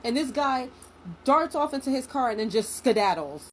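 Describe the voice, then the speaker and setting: A young woman in a casual storytime vlog, animated and indignant, acting out what people said. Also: sits high, normal speed, slight background noise, low-quality recording. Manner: animated, indignant, acts out quotes.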